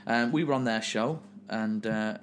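A man's voice: lowish voice, unhurried, a little hiss or hum. A man in his late twenties, co-hosting a podcast, telling stories in a teasing, chatty way. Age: 20s. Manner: chatty, laughing, teasing storyteller. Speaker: podcast co-host. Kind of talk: casual banter.

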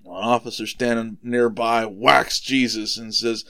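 A man hosting a podcast, casually retelling a Bible story for children, relaxed and conversational, explaining things simply. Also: mid-range voice, a little slow. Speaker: podcast host retelling Bible stories for kids.

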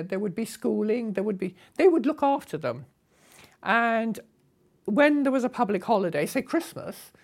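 An older woman from Britain recounts her memories with lively humor. Her voice sits low but rises and falls expressively. She tells her story like a practiced raconteur. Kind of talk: recounting a memoir.

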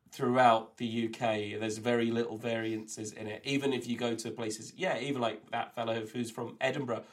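A man co-hosting a comedy podcast, recorded remotely over a call. He rambles eagerly through odd facts, stumbling over his words with plenty of ums and restarts, in a voice of ordinary middle pitch. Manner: rambling, enthusiastic trivia-sharing with many fillers. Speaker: co-host. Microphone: remote call, recorded on own end.

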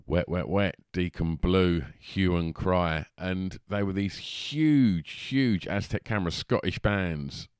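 A man from Essex hosting a podcast, his voice low and resonant. He talks with eager energy, stumbling over repeated words. The sound is dry and close. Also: slow, few pauses, clear, resonant tone, no room sound. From Essex, England. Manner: enthusiastic, stammering repetitions. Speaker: podcast host. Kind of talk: casual interview chat.

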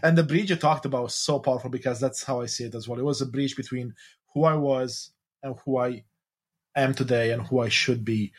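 Husky-voiced male podcast host. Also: a little fast. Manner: warm, affirming outro pitch and responses.

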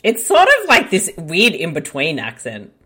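A woman's voice: low voice, huge pitch swings, normal speed, fairly bright tone, breathy edge. An Australian woman co-hosting a casual movie commentary chat, with wry, hesitant asides.

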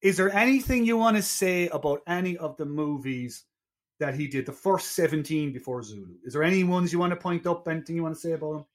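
A man co-hosting a casual podcast, chatty and quick to laugh, with hesitant restarts. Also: on the high side. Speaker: podcast co-host. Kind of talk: casual chat.

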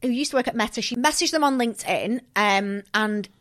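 A woman's voice: fairly high pitch, brisk. A young woman co-hosting a podcast, chatting casually and acting out quotes in her stories. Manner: animated storyteller, acts out quotes. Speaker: podcast co-host. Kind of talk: casual chat.

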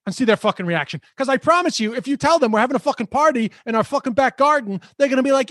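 A man's voice: extremely high pitch, very fast, hardly any pauses, no echo, clean studio sound. A man hosting a podcast, chatting casually, swearing a lot and ranting with energy. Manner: swears constantly, animated ranting. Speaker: podcast host.

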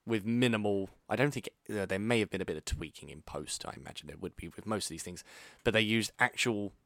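A man co-hosting a podcast, animated and joking in casual chat. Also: lowish voice, quick pace, dry recording, clean studio sound. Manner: animated, laughs and jokes a lot. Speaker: podcast co-host.

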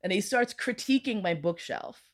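In a casual podcast chat, a female guest with a mid-range voice and moderate pace tells a risqué story. Animated throughout, she impersonates the other characters' lines and swears liberally.

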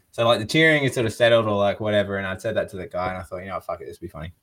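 A man's voice: fairly low pitch, rapid-fire, a bit bright. A man co-hosting a podcast, telling sports stories in a casual, swearing, laughing way. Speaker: podcast co-host. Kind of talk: casual chat.

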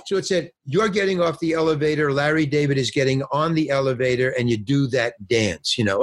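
A man's voice: mid-range voice, fairly quick, hardly any pauses, no echo. An older actor telling rambling anecdotes in a casual interview, acting out the lines of people he quotes. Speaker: actor and guest.

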